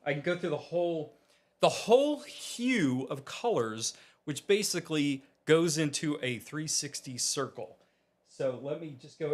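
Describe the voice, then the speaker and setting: A man's voice: a little high, expressive, a little slow, darkish tone. A man from Virginia talking casually in his home studio as a vlogger, rambling with lots of fillers and restarts. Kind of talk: casual vlog.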